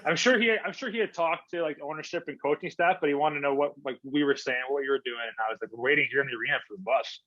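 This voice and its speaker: A Canadian man, a hockey player appearing as a guest, talks at a quick pace with hardly any pauses in a slightly high, sharp voice. He tells stories casually in an interview, using lots of fillers and replaying conversations in quotes. The recording is dry, dull, and lo-fi.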